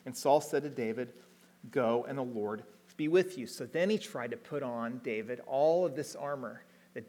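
A male preacher delivering a sermon, moving between read scripture and loose everyday retelling. His voice sits at an ordinary middle pitch, and he slows down and rises in volume to press home key words. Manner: retells the story in everyday paraphrase between readings.

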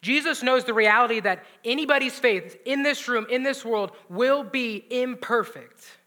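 A man preaching a sermon, swinging between loud emphatic lines and hushed, near-whispered asides. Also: extremely high pitch, normal speed. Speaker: pastor.

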